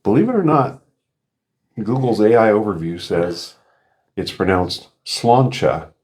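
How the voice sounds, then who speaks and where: Male beer reviewer with a low voice, easygoing and self-deprecating. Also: big pitch swings, a little slow, a little mellow. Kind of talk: casual chat.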